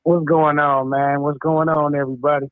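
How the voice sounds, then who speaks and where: Man, show regular, blunt, profane street slang, slightly high voice, phone line. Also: level tone, normal speed, no room sound. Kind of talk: heated talk-radio rant.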